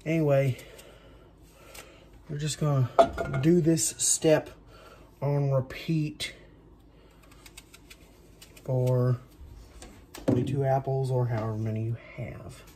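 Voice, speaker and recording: A man's voice: medium pitch, level tone, takes it slowly, pauses often, noisy background. A man cooking in his home kitchen, chatting in a rambling, self-deprecating way with plenty of asides. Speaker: home cook. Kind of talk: casual cooking vlog chat.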